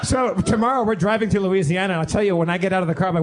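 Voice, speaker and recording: Man, slightly high voice, rambling storyteller, live podcast stage, restarts and asides. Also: very fast, few pauses, background noise. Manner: rambling, animated anecdote with restarts. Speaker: podcast regular telling a story. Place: live theater stage with audience.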